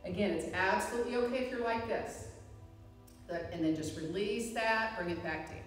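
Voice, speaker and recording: A woman instructor guiding a live chair yoga class, with calm, encouraging cues and frequent reminders to breathe. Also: mid-range voice, moderate pace, far from the mic, soft background music. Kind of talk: live guided fitness class. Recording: echoey hall, voice from afar.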